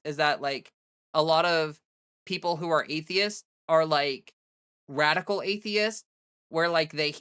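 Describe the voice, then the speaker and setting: A woman's voice: low voice, clear, resonant tone. A woman hosting a casual livestream, talking animatedly with lots of fillers and restarts as she rants and reads chat. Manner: animated, heavy use of "like", frequent restarts. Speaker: livestream host.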